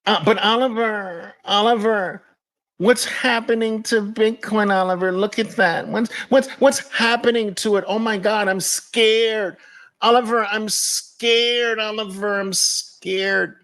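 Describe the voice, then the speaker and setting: A man's voice: high voice, steady tone, slow, a bit bright, voice pushed up, heavily acted, poor audio. A man putting on the voice of a panicky novice investor, whining and pleading in a mocking tone. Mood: panicky whine.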